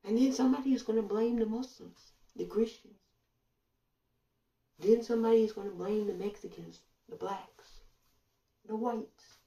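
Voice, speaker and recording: A woman commentator delivering a sarcastic monologue full of rhetorical questions and drawn-out pauses. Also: on the high side, dark tone, far from the mic, muffled recording. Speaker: online commentator. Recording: roomy echo, voice away from mic.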